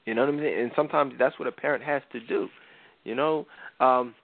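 A man's voice: mid-range voice, brisk, vocal fry, no echo. A man co-hosting a podcast, casually retelling a Bible story with slang and frequent laughs. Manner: animated, slangy, laughs often. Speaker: podcast co-host. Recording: dry thin phone-like sound.

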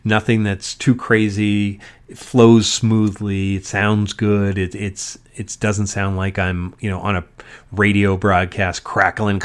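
Man, podcast host, solo monologue, lowish voice, rambling, swears often. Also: little pitch movement, measured pace. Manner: rambling and profane, with frequent ums. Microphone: podcast mic.

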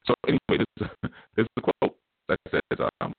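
A man's voice: low voice, wildly swooping pitch, fast talker, creaky, slightly rough. A man giving an informal spiritual teaching, folksy and colloquial, illustrating his points with homespun stories. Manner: folksy, chuckling, colloquial storytelling. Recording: tinny phone-like dry recording.

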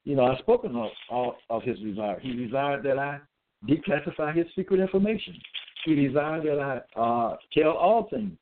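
A man's voice: mid-range voice, animated, normal speed, a little hiss or hum. Man preaching over a tinny line. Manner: reads verses aloud and comments on each; repeats phrases and checks in with "okay?". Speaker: self-styled preacher. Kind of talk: solo religious monologue reading scripture. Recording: tinny phone-like sound.

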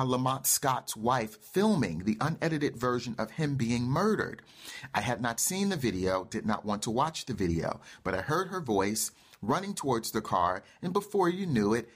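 A man hosts his own life-coaching show and delivers an impassioned monologue. His voice is husky and slightly rough, set at an ordinary middle pitch. He speaks emphatically and pushes into fervent, insistent passages. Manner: emphatic, rising to fervent outbursts.

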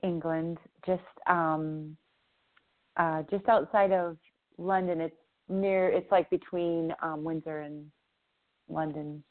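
Slow, halting woman on a phone line. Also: low voice, fairly even intonation. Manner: slow, halting, many fillers. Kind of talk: casual radio chat. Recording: tinny phone-line audio.

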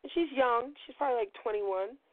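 A middle-aged woman spins a street-fight story in a high-set, slightly gravelly voice, swearing freely and acting out each side of the argument. The sound is dry and squeezed into a narrow phone-like band. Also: a little fast, dry recording. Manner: profane, animated storytelling with acted-out quotes. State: recovering voice, gravelly. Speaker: podcast host. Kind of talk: storytelling monologue. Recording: tinny phone-like line.

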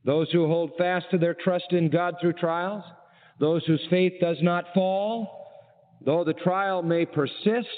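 A high-pitched man preaches with emphatic repetition and rhetorical questions. The recording is thin and phone-like, and his voice rings with a long hall echo. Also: fairly even intonation, slow. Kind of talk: sermon. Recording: tinny narrow-band archive sermon with long hall reverb.

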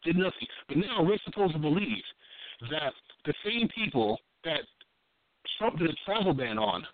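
The voice is a little high and has no echo, with a thin, dry, phone-like quality. It belongs to a man co-hosting a podcast who gives profane, blunt political commentary, circling back and repeating himself as his point takes shape.

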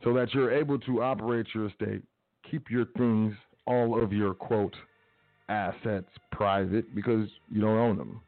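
Low-voiced man on a tinny line. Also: fairly even intonation, unhurried, no room sound. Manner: casual, emphatic, repeats phrases. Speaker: radio show host. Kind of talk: motivational talk radio monologue. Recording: tinny phone-like line, dry.

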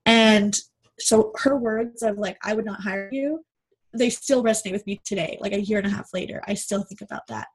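A woman's voice: mid-range voice, steady tone, brisk. A woman guest from Canada, a mother and business owner, speaking candidly and earnestly in a casual podcast conversation.

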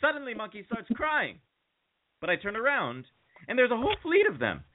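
Man doing a young jungle woman, very high, excitable, breathless, squealing, swooping pitch, phone-like sound. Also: moderate pace, heavily acted. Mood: breathless, excited. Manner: breathless, squealing monkey noises. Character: excitable young jungle woman telling her daddy a story.

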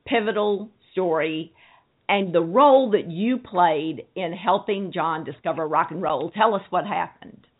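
A woman's voice: lowish voice, unhurried, breathy edge. Woman host on a tinny phone line. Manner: brief encouraging interjections. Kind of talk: interview hosting.

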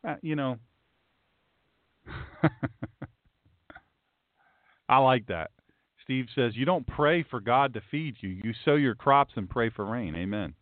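A man with a medium-pitched voice hosts a show as a pastor, teaching scripture in a folksy, emphatic style while speaking directly to his viewers. It's a livestream Bible lesson, and the audio is dry and tinny like a phone, with no echo.

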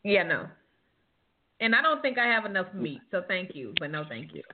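A woman's voice: on the low side, sing-song, moderate pace. A woman co-hosting a casual talk show, emphatic and indignant in protest. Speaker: co-host. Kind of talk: casual chat. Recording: tinny phone-like sound.

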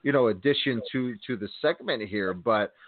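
A man with a mid-pitched voice rambles through a casual podcast chat, full of fillers and restarts. His voice comes over a narrow, phone-like line with a dry, close sound. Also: expressive, normal speed, no echo. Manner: rambling, many "you know" fillers. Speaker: podcast co-host. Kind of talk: casual chat about wrestling.

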